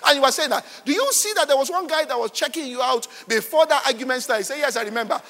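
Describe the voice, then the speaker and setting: Male pastor, sermon, very high bright voice, animated, long hall reverb. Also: fast talker. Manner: animated, repeats "all right" and "are you following".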